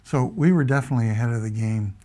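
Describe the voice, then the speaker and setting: A man's voice: mid-range voice, fast. Older American man telling war stories. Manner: relaxed anecdotal storytelling, acts out quoted dialogue. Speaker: interviewee, retired Air Force colonel and nurse. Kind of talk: oral history interview storytelling.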